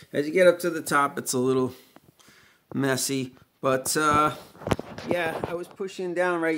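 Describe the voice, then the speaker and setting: A man's voice: a little high, slight background noise. A middle-aged man chatting casually as he walks through a home guitar repair, rambling with many fillers. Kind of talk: casual workshop vlog.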